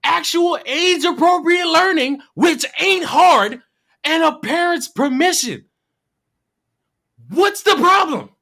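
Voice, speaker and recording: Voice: very high voice, lively intonation, takes it slowly, gravelly, sharp tone. A livestreamer ranting in heated commentary, profane and mocking, firing off rhetorical questions. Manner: mimics people in silly voices.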